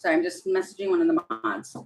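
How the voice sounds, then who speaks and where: A woman's voice: fairly low pitch, flat delivery, fast talker, rough recording. A woman giving tarot readings on a live stream, chatty and apologetic, thinking aloud as she goes. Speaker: tarot reader.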